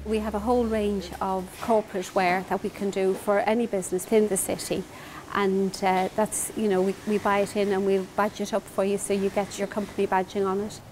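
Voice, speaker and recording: Factory woman, pretty monotone, bit of background noise. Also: mid-range voice, brisk, poor audio. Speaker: factory worker. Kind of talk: casual workplace chat.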